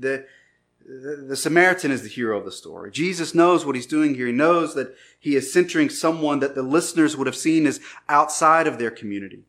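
A male pastor preaching a sermon, telling a personal story with lively, acted-out dialogue before turning to scripture. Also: fairly high pitch. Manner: animated storytelling, acts out shouted lines.

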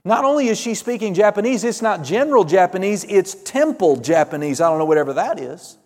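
A man preaching a fervent sermon, calling out amens and hallelujahs, swinging between loud and hushed. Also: high voice, lively intonation, brisk, big-room sound. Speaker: pastor.

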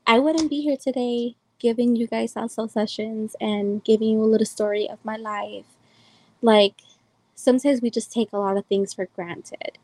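A woman in her twenties from El Salvador rambles through a personal story on her podcast, relying heavily on "like" and "um." Her voice is a little high and warm, with fairly even intonation at a moderate pace, recorded with no room sound but at low quality.

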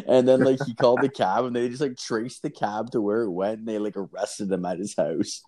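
A man's voice: fairly low pitch, normal speed, dark tone. A man telling a story in casual chat, rambling and swearing, with lots of filler words.

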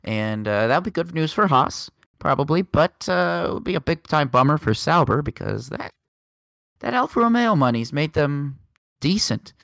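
A man's voice: on the high side, big pitch swings, normal speed, creaky, a bit bright, dry recording, clean studio sound. A man co-hosting a casual racing podcast, rambling through the news with joking asides. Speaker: podcast co-host.

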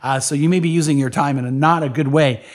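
A man's voice: a little high, steady tone, fast. A man preaching as a pastor on a podcast, earnest and repeating key lines for emphasis. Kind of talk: podcast sermon.

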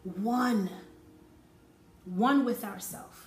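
A woman's voice: medium pitch, drawn-out words. Emphatic woman preacher in an echoey room. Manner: emphatic, repeating phrases for effect. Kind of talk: sermon. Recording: roomy echo with faint music.

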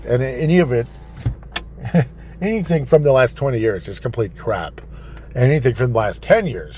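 A man's voice: fairly low pitch, darkish tone, a little hiss or hum. A man hosting a solo podcast, casually reading news items and ranting with opinionated asides. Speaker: podcast host.

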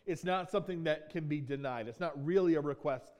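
Male pastor, fairly high voice, casual teaching sermon with acted-out quotes. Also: a little fast, a little mellow. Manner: conversational teaching with frequent "right?" and restarts.

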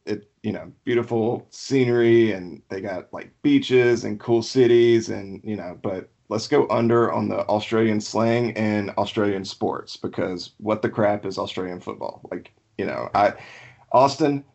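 A man's voice: on the low side, a little slow, vocal fry, a little mellow, muffled recording. A man from Alabama, a podcast guest, chatting casually in a laid-back, rambling way and laughing easily. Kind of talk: casual chat.

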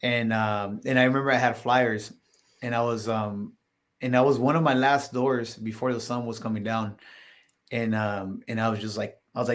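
A man chatting as a podcast guest, telling his stories loosely with many fillers. He gets livelier whenever he quotes what he said or thought. His pitch sits in an ordinary middle range. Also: fairly quick. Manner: filler-heavy, animated when quoting himself. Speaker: podcast guest, solar salesman. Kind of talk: casual interview storytelling.

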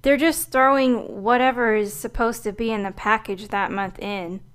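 A woman co-hosting a political podcast, calmly explaining things in casual commentary. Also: on the high side, moderate pace, clear, resonant tone. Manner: matter-of-fact, explanatory. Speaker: podcast co-host.

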